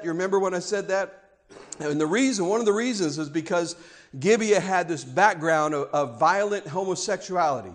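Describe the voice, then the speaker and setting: A man preaching a sermon, emphatic, dropping to a hush and then rising loud. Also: high voice. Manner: emphatic, swings between hushed and loud.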